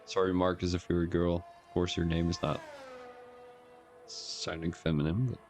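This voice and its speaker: A man's voice: low-pitched, little pitch movement, moderate pace, darkish tone, soft background music. A man with a Belgian accent giving rambling, joking, self-mocking commentary on a live-streamed sim racing league.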